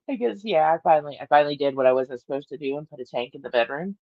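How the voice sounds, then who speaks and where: A woman's voice: sits low, expressive, fast talker, dry recording, dull audio. A woman hosting a casual morning livestream from her bedroom, rambling, laughing often and talking to her cat. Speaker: livestream host.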